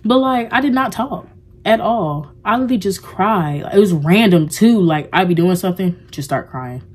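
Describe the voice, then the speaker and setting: A woman's voice: mid-range voice, animated, normal speed, husky. A young woman talking to her viewers in a casual, confessional vlog, rambling and heartfelt, with many filler words. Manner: rambling and heartfelt, heavy use of "like". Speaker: vlogger.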